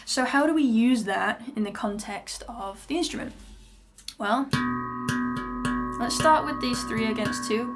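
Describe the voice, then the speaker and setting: A British woman teaching handpan rhythms, chatty and explanatory, who counts the beats out loud. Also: a little high, measured pace, long pauses. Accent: British English. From Britain. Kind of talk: music lesson. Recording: music playing in background. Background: handpan music.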